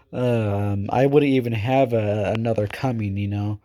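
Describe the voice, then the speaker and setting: A man with a mellow, dark-toned voice ranting casually. He rambles and swears freely, trailing off in fillers and restarts. The pitch sits in the middle range. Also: fairly even intonation, slow pace. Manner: rambling, profane, hesitant with many fillers. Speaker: video creator. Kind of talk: casual rant.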